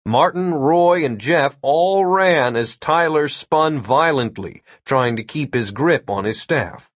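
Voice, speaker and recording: Dry, measured male story narrator. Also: a little high, expressive, no room sound. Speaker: audiobook narrator.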